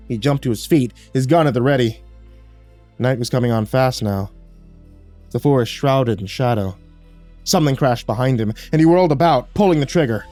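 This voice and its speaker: A man's voice: mid-range voice, normal speed, darkish tone. Man narrating horror stories over faint music. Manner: dramatic storytelling.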